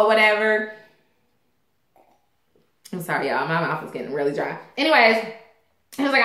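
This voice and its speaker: A woman casually recapping a TV episode, chatty and animated, acting out the characters and a little tipsy. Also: on the high side, moderate pace, echoey room. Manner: chatty, animated, loud quoting of characters, frequent laughs. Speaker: TV recap host.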